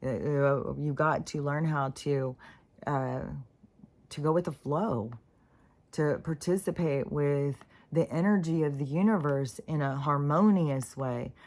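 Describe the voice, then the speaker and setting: A middle-aged woman with a notably low voice talks off the cuff as a spiritual vlogger. She meanders, circles back with "like" and "um", restarts her sentences, and swears freely. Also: a little slow, darkish tone. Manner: meandering, many fillers and restarts, frequent swearing. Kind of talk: rambling casual monologue.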